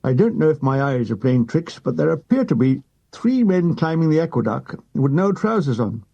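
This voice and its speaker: A man doing an officious army major who speaks in a clipped, deadpan way, a little lower than the reader's own voice. The tone is mellow and husky. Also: moderate pace, highs cut off, exaggerated voice. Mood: dry. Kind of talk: audiobook character voice.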